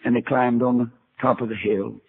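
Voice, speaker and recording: Folksy older preacher on a tinny recording. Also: male voice, medium pitch, steady tone, normal speed, vocal fry, a little hiss or hum. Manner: folksy storytelling, acting out Bible dialogue. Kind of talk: sermon. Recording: tinny archival sermon recording.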